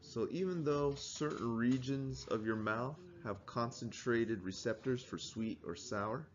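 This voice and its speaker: A man's voice: medium pitch, a little slow, muffled recording, a little hiss or hum. A man teaching a class, explaining things in a conversational way and asking the students questions. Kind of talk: classroom lecture.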